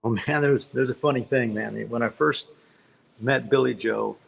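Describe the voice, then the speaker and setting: A man's voice: medium pitch, fairly even intonation, normal speed, creaky. A man, a country singer-songwriter guest, telling rambling folksy anecdotes in an interview. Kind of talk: storytelling interview.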